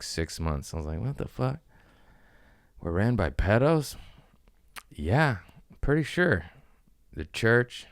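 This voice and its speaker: A man's voice: low-pitched, clean tone, no echo, studio quality. A man hosting a podcast in casual chat, rambling and profane, acting out what people said. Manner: profane, rambling, quotes people in animated voices. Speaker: podcast host.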